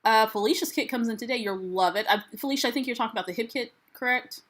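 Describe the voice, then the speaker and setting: A woman's voice: a little high, quick pace, a bit bright. An American woman hosting a casual live stream, reading viewers' comments aloud and greeting them in a chatty, upbeat way. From United States. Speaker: livestream host.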